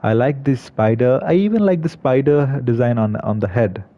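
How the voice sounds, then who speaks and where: Male game commentator, casual and halting, mid voice, somewhat lo-fi mic. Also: mid-range voice, lively intonation. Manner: hesitant, many fillers and restarts. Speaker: gaming video creator. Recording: slightly dull lo-fi recording.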